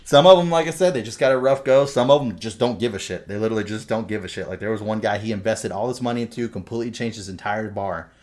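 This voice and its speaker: Podcast guy with a lowish voice, swears a lot, rambles through stories. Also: fast talker, hardly any pauses. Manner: profane, rambling storyteller; loud acted quotes in retellings. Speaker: podcast co-host. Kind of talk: casual chat.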